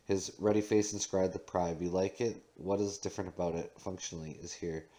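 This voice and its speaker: Reading a novel aloud in a low, dark, steady voice at a brisk pace, this man handles narration and dialogue alike in his natural voice. Now and then he slips and restarts.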